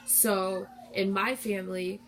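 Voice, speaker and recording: A woman's voice: medium pitch, steady tone, slow. A young adult woman talks straight to her live-stream viewers in a loose, rambling way. She is candid and heartfelt, casual and unguarded as she goes.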